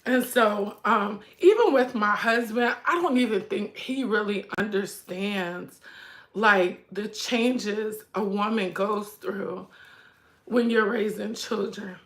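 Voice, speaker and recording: A woman's voice: medium pitch, slow pace, a bit bright. A middle-aged woman hosting a livestream, speaking with her viewers casually and directly while she fights back tears. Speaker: livestream host and mother. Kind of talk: emotional casual livestream chat.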